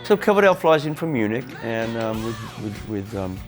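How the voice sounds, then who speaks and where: A man from the Midlands speaking candidly in a documentary interview, halting and restarting as he talks. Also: medium pitch, sing-song, music in the background. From Cannock, England. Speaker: interviewee, musician.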